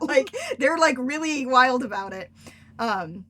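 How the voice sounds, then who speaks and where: A woman's voice: on the high side, brisk, a bit bright, a little hiss or hum. A young woman, an author, chatting casually and rambling on a livestream, laughing often. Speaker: author and streamer.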